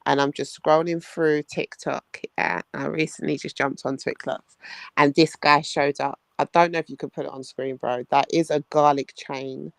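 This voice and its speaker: Animated man telling a story. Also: on the high side, moderate pace, vocal fry, no echo. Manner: animated, calls listener "bro", acts out quoted voices. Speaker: podcast co-host. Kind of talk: casual storytelling chat.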